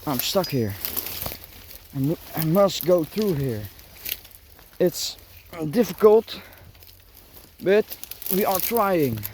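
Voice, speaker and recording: Man, outdoor vlog, nonstop swearing, grunting, slow drawn-out talk, loud rustling leaves behind. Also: sits high, animated. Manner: swears constantly, grunts while pushing through bushes. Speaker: vlogger. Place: outdoors in dense bushes and trees. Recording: noisy outdoor recording with rustling foliage. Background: rustling branches and a dog barking.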